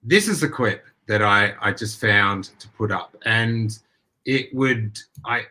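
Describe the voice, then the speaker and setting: A man hosting a podcast talks in casual chat, his voice bright and forward. He rambles, stumbling through restarts as he searches for words. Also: on the low side. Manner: rambling, halting, many restarts. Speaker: podcast host.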